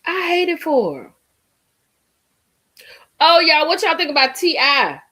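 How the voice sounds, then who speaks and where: Female stream host, bit high voice, very animated and swingy delivery, chats with her viewers. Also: unhurried. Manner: animated, reacts to viewer comments and gossip. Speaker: livestream host. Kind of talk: casual live-stream chat.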